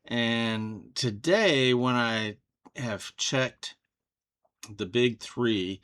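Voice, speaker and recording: Male whiskey reviewer, Texas, bright and forceful tone, folksy home-review delivery. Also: medium pitch, clean tone. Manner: folksy, unhurried, thinks aloud.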